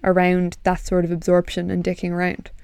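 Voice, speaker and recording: A young woman with a husky voice, chatting casually and swearing a lot as a podcast host. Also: lowish voice, fairly quick, no echo, clean studio sound. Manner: sweary, animated, rambling. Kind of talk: casual chat.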